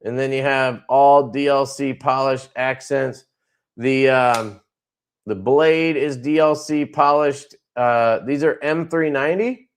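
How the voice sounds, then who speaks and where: A man's voice: mid-range voice, fairly even intonation, slow, smooth. A man hosting a casual livestream from his knife company, showing products in a laid-back, rambling way with crude jokes.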